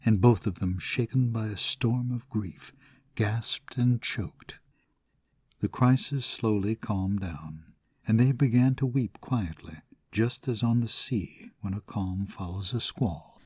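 A man narrating a classic short story in a measured, somber way. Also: on the low side, a little mellow, breathy edge, dry recording, studio quality. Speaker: audiobook narrator.

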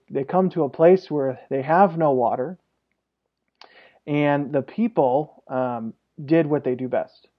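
A man's voice: a little high, muffled recording. Man preaching a storytelling sermon. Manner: storytelling with frequent "uh" fillers. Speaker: pastor.

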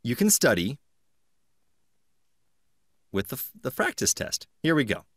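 A man's voice: mid-range voice, very animated, a little slow, husky, dry recording, clean studio sound. A man hosting a podcast in casual chat, playfully reading quiz questions aloud and laughing mid-sentence. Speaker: podcast host.

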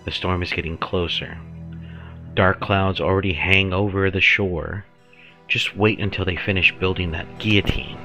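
A man voicing a judge's worried, poetic wife, reading game dialogue aloud in a low, dark voice. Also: steady tone, normal speed, muffled recording, over music. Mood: ominous.

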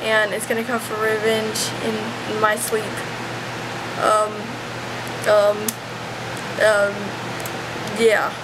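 A woman's voice: mid-range voice, monotone, heavy background noise. A woman vlogging casually at home, rambling and poking fun at herself. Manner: rambling, self-mocking, quick. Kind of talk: casual vlog chat to camera. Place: home, indoors.

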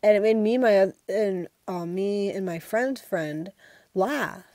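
A teenage girl talks in a loose, rambling way about her day, with a soft and mellow tone. The sound is dry and close, as if caught by a home computer mic. She slips into quick, lively impressions of friends as she tells her stories. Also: mid-range voice, no room sound. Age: teens. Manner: chatty, rambling, quotes friends in animated voices. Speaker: vlogger. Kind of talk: casual rambling vlog.

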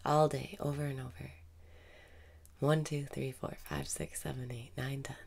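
A woman with a very deep voice leads a guided meditation, calm and unhurried. Her tone is heavy with vocal fry, and her delivery often sinks into a breathy half-whisper between the spoken prompts.

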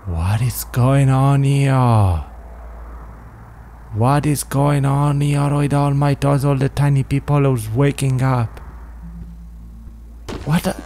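A man's voice: mid-range voice, slow, pauses often, warm tone, a little hiss or hum. A man commenting on a horror game as he plays, with jumpy exclamations and frequent swearing. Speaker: game player. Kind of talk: let's play commentary.

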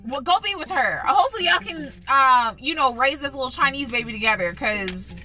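A woman with a very high, sharp, bright voice, scolding her partner in disbelief. Her pitch jumps about as she argues inside her car in a comedic skit. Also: animated, brisk, soft background music. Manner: exasperated, scolding, incredulous. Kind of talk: comedic couple skit argument.

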